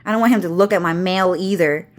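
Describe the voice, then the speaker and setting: A woman's voice: on the low side, fast talker. A woman vlogging from home, ranting to camera in a rambling, agitated way with constant swearing and repetition.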